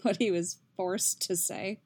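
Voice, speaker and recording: A woman's voice: lowish voice, fairly even intonation, breathy edge. Woman reading as a cool, guarded sorceress. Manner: cool, measured, quiet.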